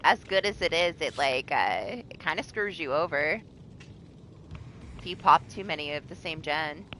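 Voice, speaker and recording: A woman streaming herself playing a game live, reacting loudly with laughs and curses and teasing the other players. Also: low-pitched, lively intonation, normal speed, a little hiss or hum. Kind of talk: live gameplay commentary.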